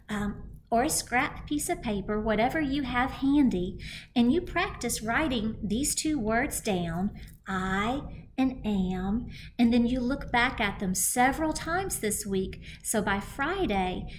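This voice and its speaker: A woman teaching a kindergarten phonics lesson, sounding out letters clearly and deliberately for young children. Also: a little high, a little hiss or hum.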